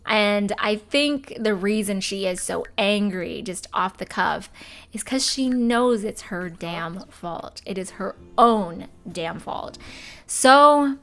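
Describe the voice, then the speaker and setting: A young woman hosting a let's play, chatting casually as she plays and voicing her game characters in quick asides. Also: mid-range voice, a bit bright, soft background music. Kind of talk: casual gameplay commentary.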